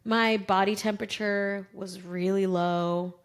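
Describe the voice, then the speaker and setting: A woman's voice: mid-range voice, measured pace, clean tone. A woman in her thirties co-hosting a podcast, telling a personal story in casual chat and acting out what people said. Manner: lively storyteller who acts out quoted voices. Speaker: podcast co-host.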